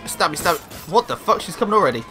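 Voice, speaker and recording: A man casually commentating on his own gameplay, sweary and excitable, talking back to the characters on screen. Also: high-pitched, quick pace, over music. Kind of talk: casual let's-play commentary.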